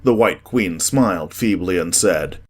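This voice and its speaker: A man narrating a children's classic in a measured storytelling way for an audiobook. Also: low-pitched, animated.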